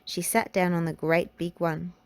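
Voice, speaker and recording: A woman reading a children's storybook and nursery rhymes aloud, in a gentle, unhurried way. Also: lowish voice, flat delivery, clear, resonant tone, dry recording. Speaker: children's book reader.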